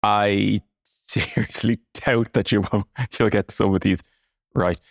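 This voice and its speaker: Man in his thirties, gravelly edge, dry close sound, playful quiz host. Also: lowish voice, steady tone, slow, no room sound. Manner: teasing, joking. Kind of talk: casual quiz banter.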